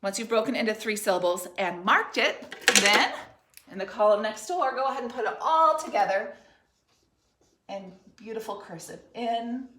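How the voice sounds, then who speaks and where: A woman teacher leading a third grade spelling dictation, speaking slowly and sounding out each syllable and letter with care. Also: mid-range voice, expressive, fairly bright tone, slight background noise. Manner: slow, clearly enunciated, sounding out letters and syllables. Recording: roomy echo.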